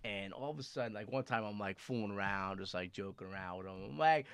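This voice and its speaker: A man guest in casual chat, telling stories with swearing and loud acted-out quotes. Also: lowish voice, quick pace, clean tone, no room sound, studio quality. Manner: animated storyteller, swearing, acting out quotes loudly.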